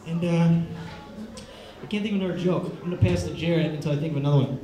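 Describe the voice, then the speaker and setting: Young male stand-up, loose and excitable, high-pitched, echoey room with a crowd. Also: rapid-fire. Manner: rambling, excitable, loose and casual. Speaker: stand-up comedian. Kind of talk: stand-up comedy set.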